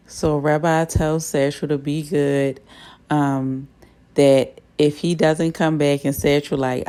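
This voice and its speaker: A woman with a low, mellow voice chats her way through a TV episode recap. She is relaxed and conversational, and she slips into quick voices for the characters' lines. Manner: chatty, voices the characters' lines while retelling. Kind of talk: casual plot retelling.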